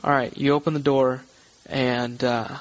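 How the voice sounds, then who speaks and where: A man's voice: mid-range voice, little pitch movement, rough recording. Guy running a horror tabletop game over a call, lots of uh and restarts. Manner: halting, many fillers and restarts. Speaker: game master.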